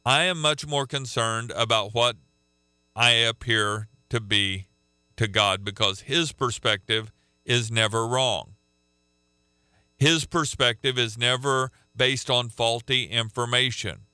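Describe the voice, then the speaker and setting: A man teaching a radio sermon, emphatic, repeating key phrases and slowing down to stress words. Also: medium pitch, pushed and bright, clear, resonant tone, dry recording.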